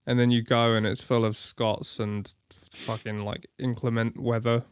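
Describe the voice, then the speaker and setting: A man's voice: medium pitch, level tone, unhurried, clear, resonant tone, no echo, clean studio sound. An Englishman co-hosting a podcast, chatting casually in a crude, joking, rambling way. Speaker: podcast co-host. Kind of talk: casual chat.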